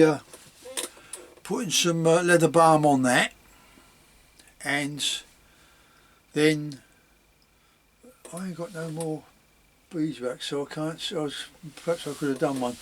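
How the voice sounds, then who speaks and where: Bloke chatting away about his leather bits, rambly, slightly higher voice, chuckles a lot. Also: steady tone, measured pace, long pauses, a little hiss or hum. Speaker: leatherworking hobbyist. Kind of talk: casual workshop vlog.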